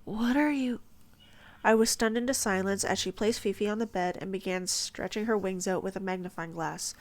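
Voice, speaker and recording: A woman narrating a first-person story for an audiobook. Her voice sits at a middle pitch and stays soft, at times sinking into a breathy whisper. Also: steady tone, a little fast.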